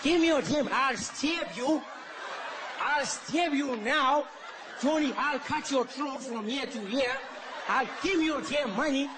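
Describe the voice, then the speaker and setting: A man voicing a menacing male robber who speaks with an Indian accent and shouts his threats. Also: very high-pitched, measured pace, noisy background, voice pushed up. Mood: threatening. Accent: Indian (put on).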